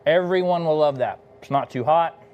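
The voice is a little high and moves at a moderate pace, captured with lo-fi sound and a bit of hiss or hum. It belongs to a middle-aged barbecue pitmaster from Texas who chats casually and enthusiastically between bites while hosting a live cooking demo.

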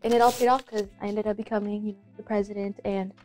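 A woman's voice: mid-range voice, steady tone, fast, a little mellow, soft background music. Giggly young woman hosting a chat. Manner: giggly, chatty, lots of "like" fillers. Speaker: student show host. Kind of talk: casual interview chat. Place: school.

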